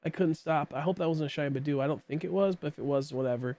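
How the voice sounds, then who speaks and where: Fast-talking and fairly high-pitched with a darkish tone, a man in his late twenties chats loosely during a game stream. His rambling is packed with fillers, broken up by occasional coughs from a tickly throat.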